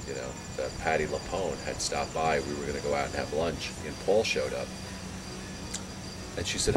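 A man's voice: very deep voice, moderate pace, noisy background. A man telling a funny personal anecdote in a dry, laid-back way during an interview.

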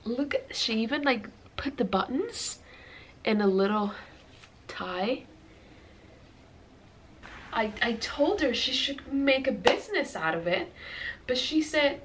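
A woman's voice: fairly high pitch, expressive, takes it slowly, pauses often, a bit bright, slight background noise, low-quality recording. A young pregnant woman chatting to viewers while she tidies a nursery, a little out of breath, recorded on a camera on a tripod. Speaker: vlogger. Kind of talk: casual vlog chat. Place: nursery room at home.

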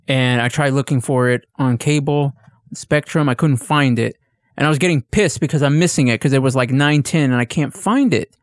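A man's voice: on the high side, clean tone, dry recording, clean studio sound. A man on a casual podcast, ranting and swearing as he tells a story and acts out exchanges in a raised voice. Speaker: podcast co-host. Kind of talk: casual chat.

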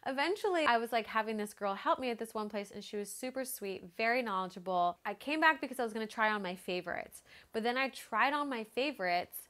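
A woman in her thirties, a fitness vlogger, telling a story in a casual vlog, chatty and animated, full of "like" fillers and acted-out quotes. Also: a little high, quick pace.

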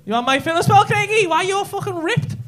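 A man's voice: very high-pitched, lively intonation, fairly quick, fairly bright tone. A man doing crowd work as a stand-up comedian on a club stage, crude and teasing, laughing through his jokes. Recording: live club recording with audience laughter and noise. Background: audience laughing.

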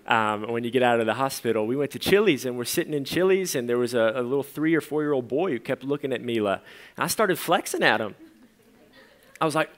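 A man's voice: mid-range voice, a bit bright. A young man, a pastor, preaching a casual sermon in a church and telling stories with playful imitations of other people. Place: church sanctuary.

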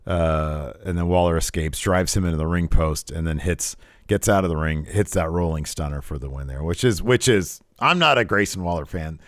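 Man, low deep voice, podcast co-host, casual recap chat, laughs a lot, dry close sound. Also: moderate pace, few pauses, no echo. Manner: laughs often, animated and joking.

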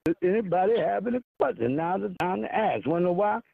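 A man's voice: sits high, lively intonation, quick pace, vocal fry, dry recording. A man preaching a combative, profane monologue to an audience, firing rhetorical questions at his listeners. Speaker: self-styled spiritual leader. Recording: tinny phone-like radio broadcast.

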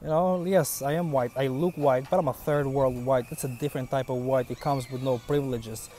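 A man's voice: mid-range voice, steady tone, fairly quick, mellow. A man in his thirties with a foreign accent, talking bluntly and casually to camera, swearing as he tells stories. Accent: foreign accent in English. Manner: blunt, profane, storytelling. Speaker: vlogger.

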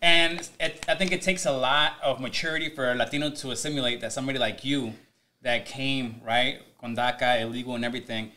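A young Mexican-American man hosting a podcast, talking energetically and switching between English and Spanish. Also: mid-range voice. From Mexican-American, raised in the US. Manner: fast, energetic, mixes English and Spanish with swearing. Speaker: radio host, podcast host. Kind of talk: casual podcast chat.

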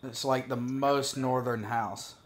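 A man's voice: medium pitch, fairly even intonation, slow pace, background noise. A man giving casual, profane gameplay commentary as a gaming video creator, joking and talking to himself as he plays.

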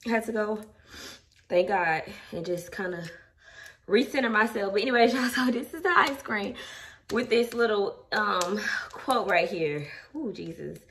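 Young woman vlogger, chatty and emotional, crisp bright tone, mic set back with faint hiss. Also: medium pitch, expressive, measured pace. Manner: chatty, talks straight to viewers, emotional. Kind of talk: casual vlog chat. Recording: distant mic, faint background noise.

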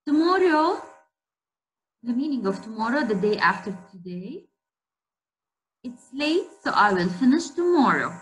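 A woman's voice: a little high, low-quality recording. A woman teacher giving a spelling lesson to a class, repeating each word and stopping to ask the class questions. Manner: repeats words slowly and emphatically, asks class questions.

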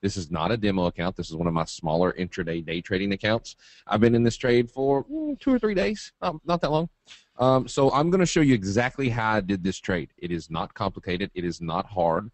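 A man's voice: fairly low pitch, brisk, no echo. A man from Eastern Kentucky with a Southern drawl, presenting a live trading webinar in a folksy, joking, straight-talking way.

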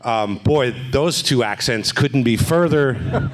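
A man's voice: medium pitch, lively intonation, slow, faint music behind. A man, a voice actor talking casually on a convention panel, joking and slipping into voices. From New Jersey. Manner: jokey, slips into character voices. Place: convention stage.

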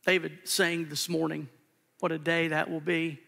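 High bright-voiced preacher in a reverberant sanctuary. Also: male voice, level tone, normal speed, vocal fry. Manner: earnest, emphatic, repeats phrases for weight. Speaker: pastor. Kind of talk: sermon. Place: church sanctuary during a live service. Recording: long church hall reverb.

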